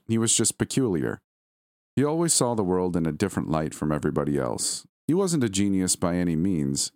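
A man narrating a first-person story in an expressive way, close to the mic. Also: low voice, no room sound.

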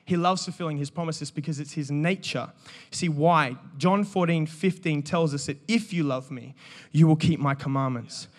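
A man, preaching an energetic sermon and joking with the congregation. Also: fairly high pitch, normal speed, few pauses. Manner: animated, joking, calls out to the congregation. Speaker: pastor. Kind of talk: energetic sermon with audience banter.

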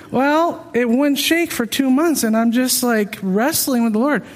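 High-voiced man telling his testimony. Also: normal speed, few pauses, in a large hall. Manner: earnest, emotional, self-deprecating. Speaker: speaker sharing a personal testimony. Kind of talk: personal testimony storytelling.

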